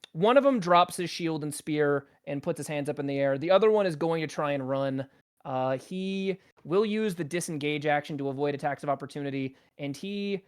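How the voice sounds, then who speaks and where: A man's voice: on the high side, clear, resonant tone. A man narrating as game master in a casual tabletop game, rambling with lots of ums and laughs.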